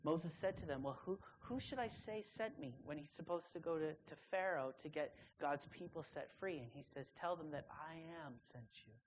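A young woman delivers a sermon to a student group, stressing each key word and pausing for effect. Her delivery swings between quiet, low stretches and loud, rising bursts. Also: expressive, a little hiss or hum, poor audio. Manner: emphatic, drawn-out pauses on key words. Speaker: preacher at a student gathering.

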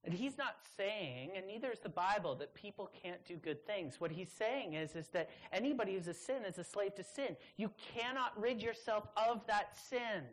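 This woman preaches to a live crowd, speaking emphatically yet conversationally, with playful teasing and sudden high-voiced quotes. She's animated, keeps a moderate pace, and barely pauses.

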